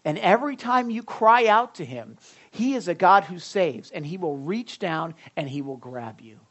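Pastor, casual sermon voice, mid pitch, repeats words and quizzes the congregation. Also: expressive, moderate pace, fairly bright tone. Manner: chatty, stumbles and repeats words, asks the congregation questions. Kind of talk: conversational sermon. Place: church service.

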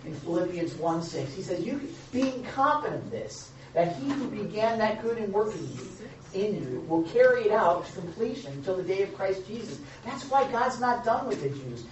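Animated preacher in a roomy hall. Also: male voice, high-pitched, moderate pace. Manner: animated, joking asides, acts out quotes. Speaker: pastor. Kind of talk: sermon. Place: church or meeting room with a live audience. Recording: roomy, distant, dull sound with faint noise.

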